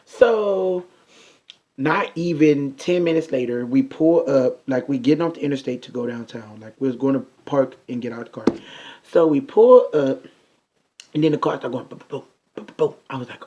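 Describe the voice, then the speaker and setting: A man's voice: a little high, moderate pace, husky, highs cut off. Chatty young man telling a story vlog. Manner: animated, chatty, addressing viewers. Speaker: vlogger.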